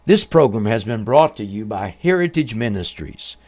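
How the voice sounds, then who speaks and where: A man hosting a religious radio program, reading a scripted narration in a measured, solemn way. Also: lowish voice, animated, darkish tone.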